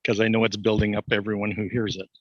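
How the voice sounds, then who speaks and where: A man's voice: lowish voice, flat delivery, fast talker, a little mellow, dry recording. A man in a podcast conversation speaking emphatically and firmly correcting the others. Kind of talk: conversational discussion. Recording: dull lo-fi sound.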